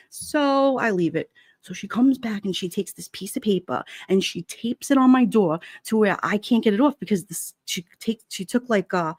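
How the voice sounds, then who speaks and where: A woman's voice: medium pitch, dry recording, clean studio sound. A middle-aged woman from Brooklyn with a New York accent, telling a neighbor story on a casual livestream, laughing often and acting out the voices in her story. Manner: animated, laughing often, acts out quotes. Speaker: livestream vlogger.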